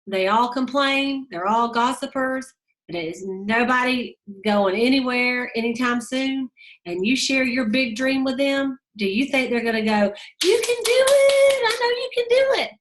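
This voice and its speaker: A woman's voice: on the high side, fairly bright tone. A woman giving a casual motivational talk to her sales team, telling stories with many fillers and emphatic repeats.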